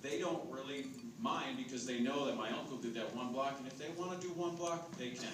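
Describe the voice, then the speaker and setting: A man telling a lively, chatty story as captain of a charity ride team. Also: medium pitch, a little fast. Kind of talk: casual storytelling to a camera. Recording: echoey, distant, noisy crowd.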